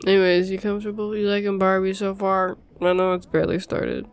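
A woman's voice: medium pitch, little pitch movement, a little fast, clean tone. A young woman in a casual girlfriend role-play, rambling to her partner with frequent laughs and swearing.

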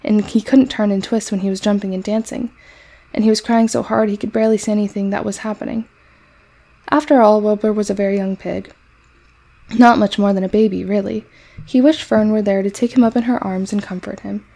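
A woman reading a children's novel aloud in an expressive storybook manner. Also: mid-range voice, a little fast, gravelly.

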